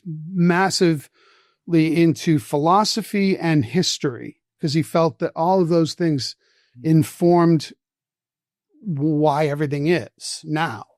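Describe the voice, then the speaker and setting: Man, 60s, podcast guest: slightly high voice, dry close sound, animated storyteller. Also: no room sound. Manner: animated, profane anecdotes with quoted voices. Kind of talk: storytelling in casual conversation.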